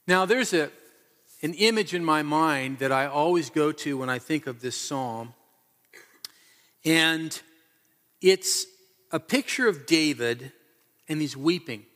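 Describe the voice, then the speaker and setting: An earnest male pastor preaching with emphatic, repetitive storytelling. His voice sits a little high for a man, and a long reverb trails it through the church hall. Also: takes it slowly, long pauses, fairly bright tone. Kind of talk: sermon.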